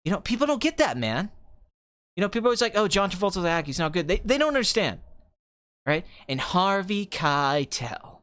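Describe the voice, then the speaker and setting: Here is a brash, self-loving film director played by a man as a comedic impression, ranting at speed and peppering every line with curses. The voice leaps around in pitch, swinging between hushed musing and wild excitement. The sound is dry and close. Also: dry recording. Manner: fast ranting, jumps from calm to excited, swears.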